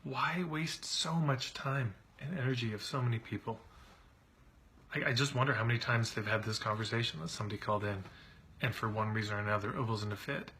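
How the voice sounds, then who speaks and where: Exasperated man venting, bright voice. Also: medium pitch, fairly quick. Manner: frustrated, exasperated; repeats himself when worked up. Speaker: marketing coach. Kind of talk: casual venting monologue.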